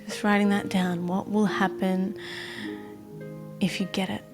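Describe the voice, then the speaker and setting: A woman co-hosting a casual coaching chat, encouraging her listeners and slowing down to read out each question. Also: medium pitch, level tone, over music. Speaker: co-host leading a coaching exercise.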